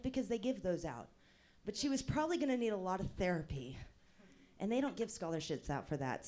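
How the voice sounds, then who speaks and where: A woman in her thirties performing a stand-up comedy set at an open mic, with a wry, deadpan delivery and bursts of laughter. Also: mid-range voice.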